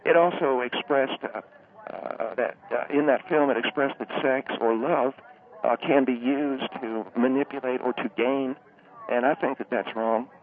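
Halting man on a tinny phone line. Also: mid-range voice. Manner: halting, full of uh, earnest. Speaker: reverend calling in. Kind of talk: call-in chat.

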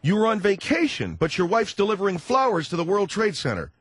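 A male radio talk show host who grills a caller with sarcasm and rapid-fire questions. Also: sits high, wildly swooping pitch, fairly bright tone, slightly rough.

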